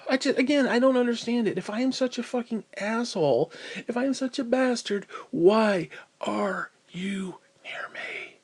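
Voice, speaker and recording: A man with a high-pitched voice rants to camera in pain and full of profanity. He swings from loud, heated outbursts down to low, bitter mutters. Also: a little fast. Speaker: vlogger. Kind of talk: profane ranting monologue.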